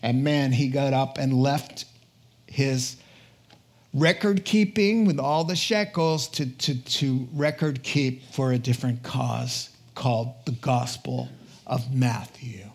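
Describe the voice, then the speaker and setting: A man preaching, retelling scripture stories in a casual, animated way with quick asides to the listeners. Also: mid-range voice, vocal fry. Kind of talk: sermon storytelling.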